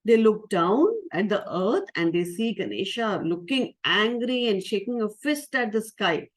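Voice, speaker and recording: A woman who is a spiritual teacher, telling a story to children in a lively way and asking them questions. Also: mid-range voice, measured pace. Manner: lively, asks the audience questions.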